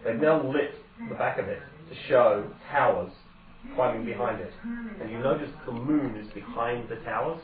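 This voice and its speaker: A man's voice: mid-range voice, moderate pace, a crowd in the background. Male game master, chatty narration with restarts, far from the mic, phone-like tone. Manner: conversational, with hesitations and self-corrections. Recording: echoey, distant, phone-like sound.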